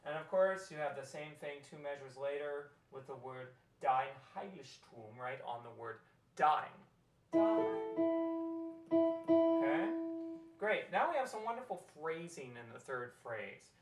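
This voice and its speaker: A man's voice: on the high side, animated, moderate pace, far from the mic, over music. A man leading a choir rehearsal, walking through the score and singing short phrases as examples. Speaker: choir director. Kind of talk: choral rehearsal instruction. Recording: roomy, from off mic.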